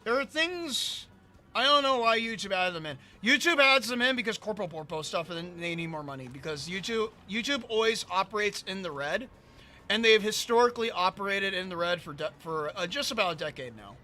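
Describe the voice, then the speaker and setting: A hoarse man losing his voice, ranting in casual let's-play commentary and reading chat aloud. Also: high voice, lively intonation, a little fast, pushed and bright. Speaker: gaming streamer.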